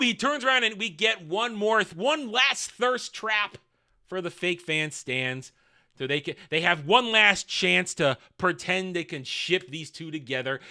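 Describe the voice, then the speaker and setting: A man's voice: sits high, pushed and bright. A man reviewing a TV episode in a sarcastic, mocking rant, repeating words and restarting as he gets worked up. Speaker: video reviewer. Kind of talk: ranting TV review commentary.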